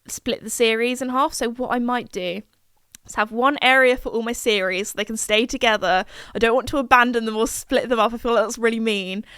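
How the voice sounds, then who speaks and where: A woman's voice: mid-range voice, a bit bright, clean tone, no echo, studio quality. A young woman, chatting casually and rambling on her solo podcast, full of fillers and asides. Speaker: podcast host.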